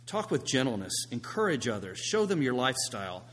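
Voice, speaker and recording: A man preaching a sermon, swinging from hushed, quiet passages to loud, emphatic ones. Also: mid-range voice, very animated, brisk. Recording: long reverb of a large hall.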